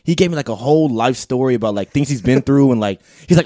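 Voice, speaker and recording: Fast-talking laid-back young man. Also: medium pitch, expressive, dark tone, dry recording. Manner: laid-back, quick reactions and jokes. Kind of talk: casual chat.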